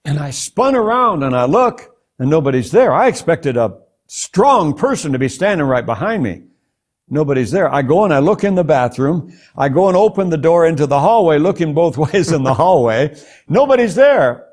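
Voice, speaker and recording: An older man appearing as a guest preacher shares his personal testimony in a talk show interview, earnest and prone to stumbling over repeated words. His voice is fairly high, very animated, a little mellow, and moves at a normal speed.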